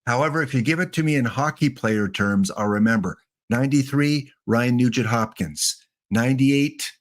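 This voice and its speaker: A man hosts a casual livestream, rambling and joking straight to his viewers. His voice sits at a middle pitch, and he sounds a little winded as he talks. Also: moderate pace. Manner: rambling, playful, talks to chat. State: a bit winded. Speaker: livestream host.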